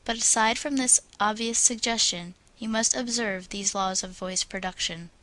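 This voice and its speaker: A woman's voice: mid-range voice, moderate pace, dry recording, rough recording. Woman reading a speaking manual aloud. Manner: steady, instructive reading with drilled vowel examples. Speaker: audiobook reader. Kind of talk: scripted narration of a speaking manual.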